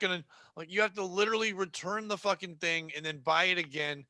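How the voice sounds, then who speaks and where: Podcast host, male, bright tense voice, dry close sound, profane joking banter. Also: high-pitched, quick pace, hardly any pauses, dry recording. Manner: joking, profane, acts out customers. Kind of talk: casual podcast chat.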